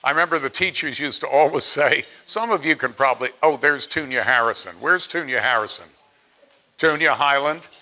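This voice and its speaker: A man's voice: mid-range voice, fairly quick, sharp tone. A man in his late seventies from Pennsylvania giving a chatty, self-deprecating after-dinner speech and acting out quotes in his stories. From Pennsylvania, USA. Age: 70s.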